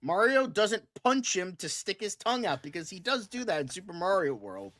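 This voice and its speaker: A man co-hosting a casual online talk show, excitable, with lots of fillers. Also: high-pitched, moderate pace. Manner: animated, excitable, many fillers like "like". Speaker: co-host. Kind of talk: casual chat.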